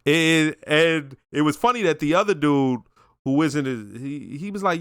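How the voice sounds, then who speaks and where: A man giving casual reaction commentary on a TV episode, talking in a slangy, reflective, animated way. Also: a little high, measured pace, clear, resonant tone, no echo, studio quality. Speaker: show reaction reviewer.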